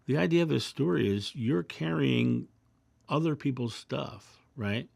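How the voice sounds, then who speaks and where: A man hosting his own video channel, reflecting calmly through personal anecdotes and parables in a casual monologue. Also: medium pitch, measured pace, gravelly, no room sound, clean studio sound. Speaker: video host.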